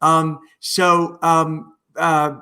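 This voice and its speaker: A middle-aged musical theatre actor, a guest on a video-call interview, tells anecdotes in a lively, animated, rambling way full of restarts. His voice is a little high and extremely slow.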